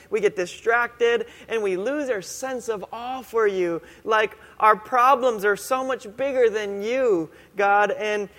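A man preaching a sermon in a casual, conversational way, slowing down to stress key phrases. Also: high-pitched, a bit bright. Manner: conversational, casual, with slow, emphatic punchlines. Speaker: pastor. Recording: long hall reverb.

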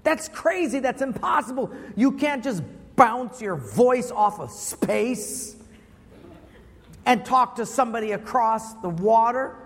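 A man's voice: expressive, moderate pace, hardly any pauses, big-room sound. Man voicing an incredulous 1800s time traveler. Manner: exclaiming in disbelief, higher and louder.

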